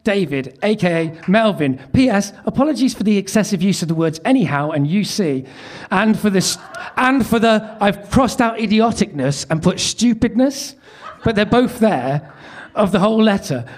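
Wry, self-mocking man on stage. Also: high-pitched. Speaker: comedian. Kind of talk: stand-up reading his teenage love letter.

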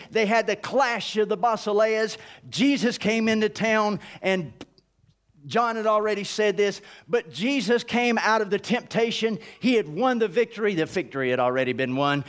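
A man from the United States preaching a sermon in a folksy, animated way, acting out bits of dialogue and dropping to a low hush for emphasis. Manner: drops to a low hushed voice for emphasis. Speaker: pastor.

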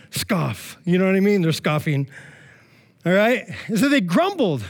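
A male pastor giving a sermon in a lively, joking, conversational way. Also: high-pitched, measured pace.

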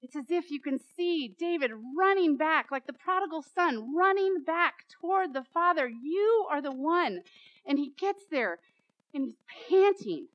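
A woman's voice: extremely high pitch, animated, moderate pace, dry recording, lo-fi sound. A woman preacher giving a dramatic sermon, repeating phrases and building to emphatic peaks.

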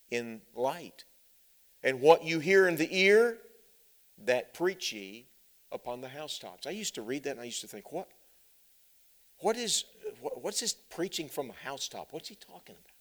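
A man in the pulpit delivering a sermon. His voice sits at a middling pitch for a man and keeps rising into loud, insistent stacks of parallel phrases before sinking back to a near-murmur. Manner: swings between hushed low passages and loud emphatic climbs; builds with repeated parallel phrases. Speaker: preacher.

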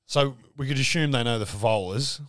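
A man's voice: medium pitch, fairly quick, a bit bright, no room sound. A young man with an Australian accent, co-hosting a podcast with dry, joking, foul-mouthed remarks. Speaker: podcast co-host. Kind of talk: crude banter.

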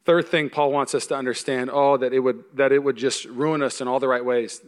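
A male pastor preaching a sermon to a congregation, emphatic and animated, swinging between loud punchy lines and hushed ones, with humorous storytelling. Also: mid-range voice, fairly quick. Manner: humorous storytelling with acted-out asides. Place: church service before a congregation.

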